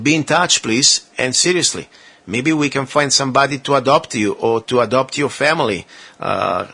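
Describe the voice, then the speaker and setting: A man's voice: mid-range voice, pushed and bright. A male talk radio host interviewing a guest and making earnest, persuasive appeals to his listeners.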